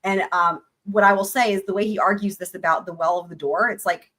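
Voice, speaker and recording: A woman's voice: medium pitch, a little fast. Chatty woman host explaining legal points. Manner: chatty, animated, explains points and swears casually. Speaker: livestream host. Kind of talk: casual legal commentary.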